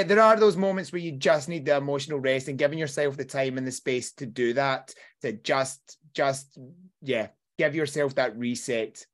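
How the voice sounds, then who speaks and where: A man co-hosting a podcast, telling quick personal anecdotes in casual chat. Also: mid-range voice, a bit bright. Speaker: podcast co-host.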